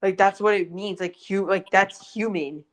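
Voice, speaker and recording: A teenage boy on a live-stream video call, speaking in a halting, apologetic way. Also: sits high, fairly even intonation, a little hiss or hum. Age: teens. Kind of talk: casual live-stream chat.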